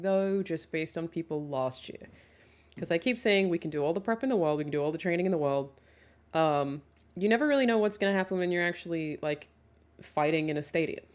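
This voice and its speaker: A young woman streams from home, answering her chat's questions in turn through a desk mic. Her voice is deep, low, and a little mellow, and she's open and chatty, cursing without hesitation and laughing readily as she goes.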